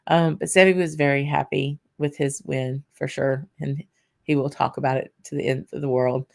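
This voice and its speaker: A tired, slightly hoarse woman from Louisiana, chatting casually as host of her own vlog, with lots of fillers and restarts. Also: a bass voice, fairly even intonation, normal speed. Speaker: whisky channel host.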